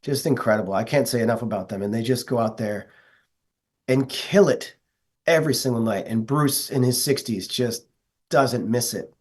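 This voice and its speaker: A man's voice: mid-range voice, normal speed, darkish tone, breathy edge. A man from the northeastern United States speaks as an interview guest. He tells stories in an earnest, enthusiastic way, and his voice sits in a middle register. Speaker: guest, metal vocalist. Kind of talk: casual interview chat.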